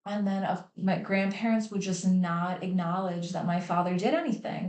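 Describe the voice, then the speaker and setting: A woman's voice: medium pitch, normal speed, few pauses, a little mellow. A woman hosting a livestream, talking candidly and emotionally about her family, swearing freely. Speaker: host. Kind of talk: candid personal talk on a livestream. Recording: echoey room.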